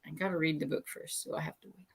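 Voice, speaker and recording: A woman in a casual online chat who shares her own stories in a relaxed way. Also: low-pitched, quick pace, creaky, slightly rough.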